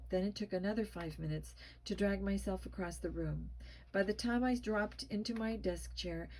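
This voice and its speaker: A woman narrating a spooky children's story with a tense, expressive reading. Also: medium pitch, moderate pace, slight background noise, low-quality recording. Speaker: storybook reader.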